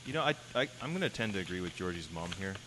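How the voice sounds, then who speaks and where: Low-voiced man teasing dryly off camera. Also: big pitch swings, rapid-fire, fairly bright tone, a little hiss or hum, poor audio. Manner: dry, teasing remarks. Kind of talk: casual banter.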